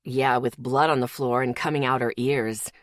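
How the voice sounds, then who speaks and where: A woman's voice: extremely low pitch, fairly even intonation, moderate pace, dry recording, studio quality, voice pushed down. Woman voicing a hard-edged young man. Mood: firm. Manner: hard, clipped.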